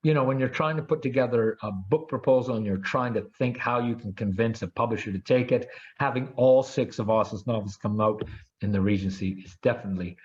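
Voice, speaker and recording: A man's voice: mid-range voice, a little fast, darkish tone, highs cut off. A man giving an academic lecture with enthusiasm, often restarting with fillers.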